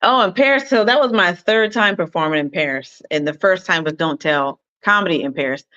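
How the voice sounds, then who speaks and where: A woman's voice: fairly low pitch, expressive, brisk, fairly bright tone, no echo. Woman, talk show guest, chatty storyteller, dry close sound, slightly dull audio. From Arizona. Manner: chatty storyteller, quotes people in her anecdotes. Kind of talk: casual interview chat.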